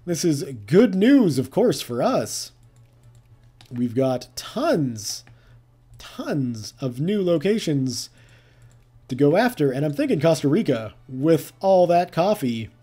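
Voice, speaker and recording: A man's voice: on the high side, big pitch swings, slow pace, mellow, slightly rough. A man giving casual let's-play commentary, thinking aloud with playful asides. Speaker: gameplay commentator.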